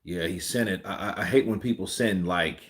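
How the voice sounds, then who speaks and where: A man hosting a boxing commentary livestream, ranting excitedly and repeating himself as he thinks aloud. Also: deep voice, brisk.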